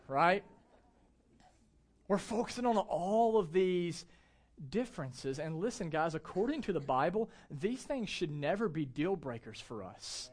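A man in his thirties preaching a conversational, animated sermon to a church gathering. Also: sits high, a little slow. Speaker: pastor.

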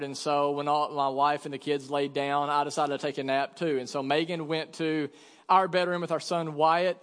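A man in his thirties preaching a sermon as pastor, telling a family story in an animated way that builds to loud exasperation. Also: a little high. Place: church sanctuary. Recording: long reverb of a church hall.

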